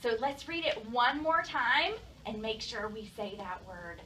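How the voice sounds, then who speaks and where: This classroom clip, picked up by a distant mic over plenty of noise, features a young adult woman teaching young children. Her voice sits fairly high and sounds sharp, with lively intonation and a measured pace, as she fires off questions and praises responses.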